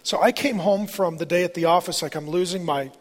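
Husky man preaching in a reverberant hall. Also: high voice, a little fast. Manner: candid, conversational, emotional personal storytelling. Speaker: pastor. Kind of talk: storytelling sermon. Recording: long reverb of a large hall.

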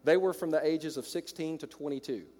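Southern male pastor, fairly high voice, animated sermon delivery, long hall reverb. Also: fairly quick. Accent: American Southern. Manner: energetic, swings from loud exclaims to quiet storytelling.

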